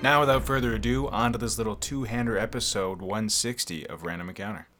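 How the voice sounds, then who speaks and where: Man, podcast host, low voice, casual chat, chatty, quick to laugh. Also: over music.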